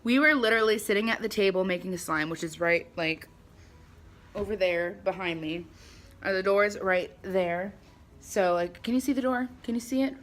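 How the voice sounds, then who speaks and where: A young woman tells a story to her camera at home in a casual, gossipy way. She is animated and chatty and slips into little acted-out voices for the people she quotes. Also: mid-range voice, normal speed. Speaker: vlogger. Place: her home, at a table by the front door.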